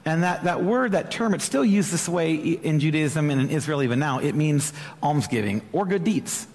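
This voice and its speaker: A young man giving a conversational sermon as a preacher, animated and talking straight to the congregation with asides. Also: a little high, moderate pace. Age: young adult. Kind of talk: sermon teaching. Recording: hall reverb.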